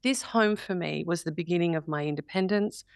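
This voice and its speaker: A woman's voice: lowish voice, a little fast, smooth, no room sound, studio quality. A woman in her forties with an Australian accent, chatting as an interview guest, laughing often and acting out quotes. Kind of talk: casual interview chat.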